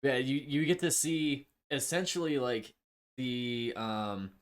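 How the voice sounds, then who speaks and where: A man's voice: medium pitch, slow. A man co-hosting a casual movie discussion, speaking hesitantly with many fillers. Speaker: co-host.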